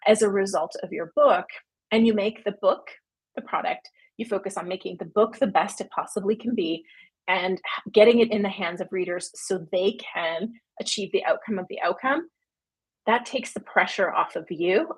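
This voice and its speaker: Chatty husky Canadian woman. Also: mid-range voice. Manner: chatty and rambling, frequent fillers and laughs. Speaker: publishing company founder hosting a livestream. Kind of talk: casual livestream Q&A.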